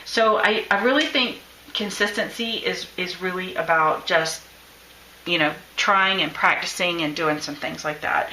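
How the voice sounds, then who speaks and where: A woman's voice: fairly low pitch, a little slow, bright, forceful tone, echoey room, a little hiss or hum, low-quality recording. A woman teaching a live-streamed craft class, chatting and encouraging her viewers while she draws. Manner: chatty, encouraging, thinks aloud while drawing.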